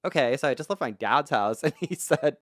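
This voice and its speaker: A man's voice: medium pitch, expressive, a little fast, fairly bright tone, no echo. A man in his thirties co-hosting a podcast, playful and teasing, laughing often. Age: 30s. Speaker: podcast co-host. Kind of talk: casual chat.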